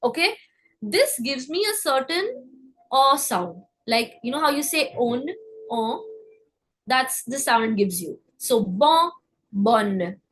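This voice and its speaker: A woman giving a live online French class, breaking words down and repeating them slowly, often checking in with "okay?". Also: high-pitched, a bit bright, husky, poor audio. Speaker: French teacher.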